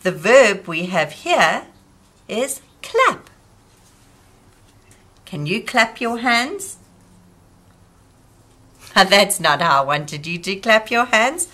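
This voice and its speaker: Slow, lively woman teaching children. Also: medium pitch. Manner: gentle and patient, asks the listener questions.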